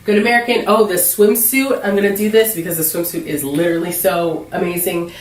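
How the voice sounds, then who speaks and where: A woman's voice: fairly low pitch, steady tone, a little fast, recorded from a distance. Chatty woman vlogger in an echoey room. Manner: chatty, upbeat, rambling with fillers. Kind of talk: casual chat to camera. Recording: roomy echo, a little off-mic.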